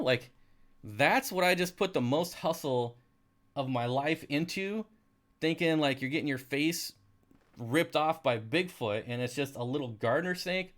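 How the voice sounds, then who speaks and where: On a live stream, a male host with a slightly high, expressive and unhurried voice chats casually. He rambles through anecdotes, restarting often and laughing a lot.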